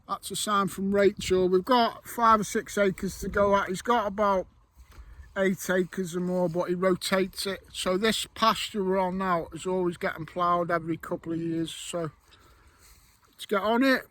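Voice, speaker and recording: A middle-aged man with a notably high voice, rambling and joking as he talks to his viewers. He is recorded outdoors in open fields while he goes metal detecting. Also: steady tone, moderate pace, fairly bright tone, a little hiss or hum, low-quality recording. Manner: jokey, rambling, addresses viewers. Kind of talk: casual chat to camera.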